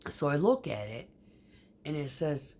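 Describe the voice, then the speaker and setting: A woman's voice: low voice, big pitch swings, unhurried, a little mellow, a little hiss or hum. A woman telling a rambling, profane story in casual vlog style, often dropping to a whisper. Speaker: vlogger.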